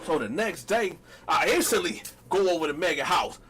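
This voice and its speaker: A man telling a personal story in a casual storytime vlog, animated and slangy, talking straight to his viewers. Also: on the high side, normal speed, noisy background. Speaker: storytime vlogger.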